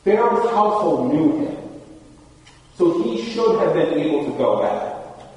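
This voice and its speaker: A man's voice: on the high side, sing-song, a little slow, darkish tone. A man preaching a casual, conversational sermon, full of fillers, and laughing easily. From Michigan. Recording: very echoey hall, far from mic.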